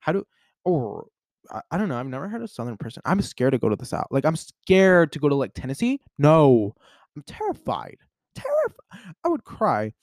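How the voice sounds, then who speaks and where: A young adult American man hosts a casual solo podcast, rambling playfully with lots of "like" and restarts. His voice is a little high and darkish, with big pitch swings and a fairly quick pace. The recording is clean studio sound with no echo.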